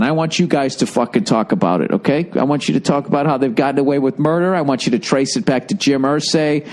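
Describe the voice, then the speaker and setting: A man's voice: mid-range voice, a little mellow. A man hosting a podcast, delivering a profane, sarcastic comic rant, mocking and riffing loosely. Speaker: podcast host.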